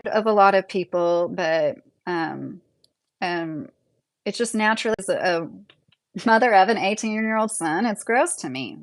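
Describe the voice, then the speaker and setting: Blunt woman in her thirties, live-streaming. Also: mid-range voice. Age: 30s. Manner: opinionated, blunt, talks straight to commenters. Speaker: livestream host reading chat. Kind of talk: casual live-stream commentary.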